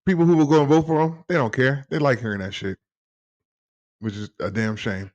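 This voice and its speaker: A man hosting a casual political chat with his father, talking in an animated, rambling and profane way. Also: medium pitch, brisk, muffled recording. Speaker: host, son.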